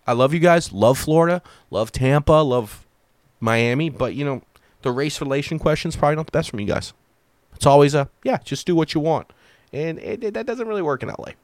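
A man in his thirties hosts his own podcast from home, talking in a loose and rambling way. His stories carry self-deprecating jokes. The sound is dry and close, with no room echo. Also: on the high side. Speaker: podcast host and stand-up comedian. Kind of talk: casual comedic storytelling.

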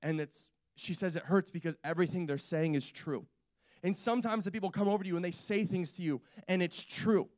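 High-pitched guy preaching in church, lots of rhetorical questions, gets shouty, dry sound. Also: fairly quick, no room sound. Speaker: pastor. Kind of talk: sermon.

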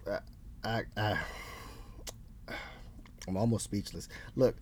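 A man's voice: fairly low pitch, fairly even intonation, slow, darkish tone. A man co-hosting a casual chat, blunt, dry and skeptical. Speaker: podcast co-host.

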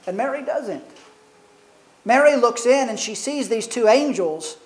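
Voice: medium pitch, expressive, unhurried, rough recording. Earnest preacher giving a sermon. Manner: earnest and reflective, asks rhetorical questions.

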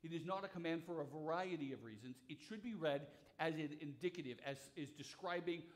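A man's voice: fairly high pitch, brisk. A man preaching a sermon as a pastor, explaining a text in a conversational way with frequent restarts and repeated words. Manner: conversational, thinks aloud.

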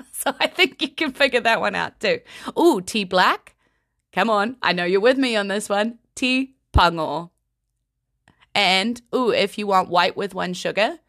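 A woman giving a casual vocabulary lesson in a playful, giggly, unhurried way. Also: mid-range voice, a bit bright, no room sound, clean studio sound. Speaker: language teacher.

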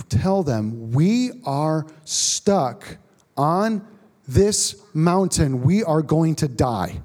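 Male pastor, high-pitched voice, dramatic sermon storyteller who drops to a hush for tension. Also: breathy edge. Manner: dramatic storytelling, drops to hushed tones at tense moments.

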